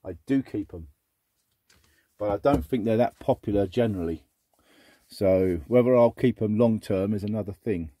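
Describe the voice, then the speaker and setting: A middle-aged man chatting casually as he sorts through a box of old records, muttering asides and breaking into excited exclamations. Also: lowish voice, moderate pace, dry recording, clean studio sound. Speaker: record collector vlogger. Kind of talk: casual unboxing chat.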